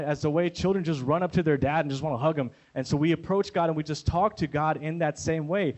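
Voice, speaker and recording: A young man preaches in a relaxed, conversational way. He keeps checking in with his listeners through quick "right?" tags. His voice sits a little high for a man. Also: lo-fi sound. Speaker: pastor. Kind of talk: sermon.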